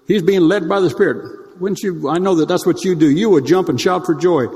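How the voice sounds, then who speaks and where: A man's voice: sits high, darkish tone. Man preaching in a reverberant church. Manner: conversational preaching with teasing asides and drawn-out emphasis. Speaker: pastor. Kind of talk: sermon.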